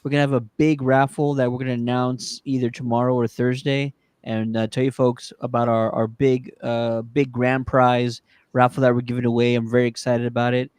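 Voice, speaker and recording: A man's voice: mid-range voice, flat delivery, brisk, darkish tone, clean tone, dry recording, studio quality. A man hosting a podcast in casual chat, upbeat and promotional, with frequent restarts. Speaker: podcast host.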